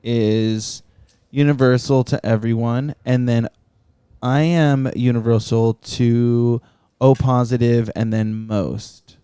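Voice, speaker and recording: A man's voice: medium pitch, steady tone, slow, warm tone, clean tone, no room sound. A man hosting a podcast, chatting casually and tossing in playful jokes. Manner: joking, short playful interjections. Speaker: podcast host. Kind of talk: casual chat.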